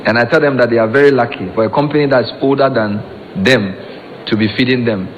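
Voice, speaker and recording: A man's voice: medium pitch, fast, highs cut off. A man with a Ghanaian accent emceeing a conference, introducing panelists with chatty, joking asides. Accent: Ghanaian English. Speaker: master of ceremonies. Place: conference hall. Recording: reverberant hall with faint room noise.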